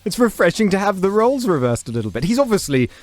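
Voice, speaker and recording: A man's voice: high voice, very animated, quick pace, soft background music. A man reviewing films on a radio show, enthusiastic and giggly, his voice a bit throaty today. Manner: giggly, enthusiastic, self-mocking. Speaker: film reviewer guest. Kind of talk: radio film review chat. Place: radio studio.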